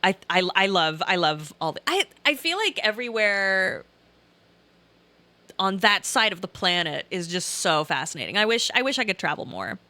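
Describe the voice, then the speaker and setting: With big pitch swings in a mid-range voice, a young woman lightly accented from Southern Illinois reads chat on her live stream at a moderate pace. She rambles casually and laughs frequently; her delivery is pushed and bright, with no echo.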